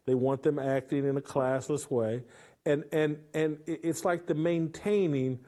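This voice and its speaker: A man giving earnest sports opinion commentary, restarting his sentences often. His voice is mellow and dark in tone and sits a little high for a man. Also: fairly even intonation, unhurried.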